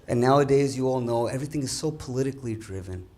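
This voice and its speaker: A man telling stand-up jokes at a community dinner, acting out characters in animated quoted voices. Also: medium pitch, fast, slight background noise. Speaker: comedian at a dinner. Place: event hall with a live audience.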